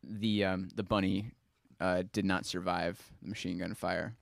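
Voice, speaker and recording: A man with a low voice tells a piece of behind-the-scenes film trivia on a podcast. He speaks casually and drops in an "uh" or "um" now and then. The recording is dry. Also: fairly even intonation, measured pace, creaky, no echo. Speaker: podcast co-host. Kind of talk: casual movie chat.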